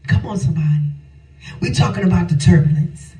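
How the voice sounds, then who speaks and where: A woman's voice: lowish voice, fairly quick. Older woman preaching in a roomy hall. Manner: impassioned sing-song preaching with shouted phrases. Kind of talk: sermon. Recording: echoey hall, voice from a distance, faint music.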